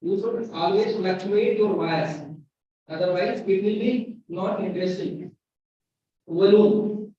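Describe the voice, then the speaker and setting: A man with an Indian English accent giving a classroom lecture at a university, speaking slowly and repeating key words for emphasis. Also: high voice, warm tone. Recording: very echoey, distant, dull lo-fi sound.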